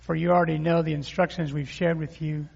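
A man's voice: on the high side, fairly quick, gravelly. A man preaching a sermon, reading scripture and calling on the crowd to repeat words back to him. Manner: lively preaching with crowd call-and-response. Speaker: pastor. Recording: muffled hall reverb.

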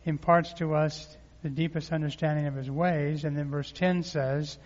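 At a normal speed, a fairly high-voiced male pastor reads scripture during a sermon and calls on the congregation to echo his words. It's spirited preaching with call-and-response, captured with muffled reverb from a hall.

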